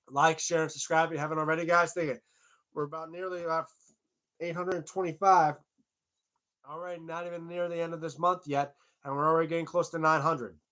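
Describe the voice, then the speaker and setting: A man's voice: on the high side, a bit bright. Rambling casual livestream host, man. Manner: rambling, loose, swears casually.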